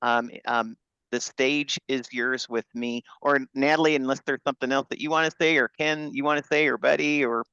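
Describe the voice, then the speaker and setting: A man's voice: mid-range voice, fairly even intonation, moderate pace, pushed and bright, clear, resonant tone, dry recording. A man hosting a book launch on a video call, talking enthusiastically with fillers and restarts. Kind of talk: Zoom presentation. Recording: dull lo-fi video call audio.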